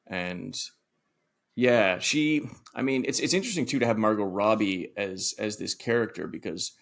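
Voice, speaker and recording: A man with a low voice reflects on a film in a measured, thoughtful way. He weighs his ideas as he speaks and sometimes repeats words while he searches for the right phrase. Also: lively intonation, gravelly. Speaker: podcast co-host. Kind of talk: casual film discussion.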